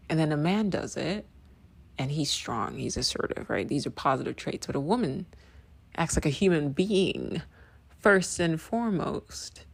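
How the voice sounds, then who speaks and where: A woman host speaking her mind in a loose, emphatic podcast monologue, with a lowish voice and a gravelly edge. She swears freely, circles back to repeat her point, and punctuates her lines with "right?". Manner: emphatic, repeats phrases, asks "right?" often. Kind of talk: casual opinion monologue.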